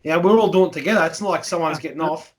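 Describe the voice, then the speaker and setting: A man's voice: fairly high pitch, very fast, slight background noise. A man with an Australian accent hosting a casual podcast, joking in a matey way and swearing freely. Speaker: podcast host.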